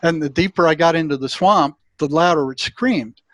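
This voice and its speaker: A man's voice: a little high, moderate pace, no echo. Older man telling a long story, dry sound. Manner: rambling, repeats words, acts out his inner voices. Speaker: guest, retired psychotherapist. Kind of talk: storytelling in an interview.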